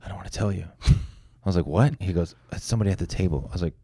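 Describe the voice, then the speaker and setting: A man in his thirties talks quickly in a low voice, rambling through a story on a casual podcast and cursing often. The sound is close and dry, with no room echo. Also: mellow, slightly rough. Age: 30s. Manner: rambling storytelling, heavy swearing. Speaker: podcast co-host.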